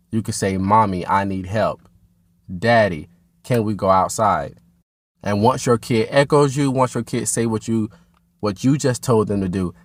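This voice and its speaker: A man hosting a parenting show, calmly explaining behavior strategies and speaking straight to parents. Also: on the low side, dry recording. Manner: calm, instructive, addresses parents directly. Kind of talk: direct-to-camera parenting advice.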